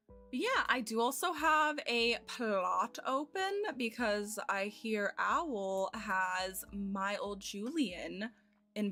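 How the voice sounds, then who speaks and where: An American woman in her twenties, a streamer chatting casually and giggling as she thinks aloud while playing a game. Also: medium pitch. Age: 20s. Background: soft game music.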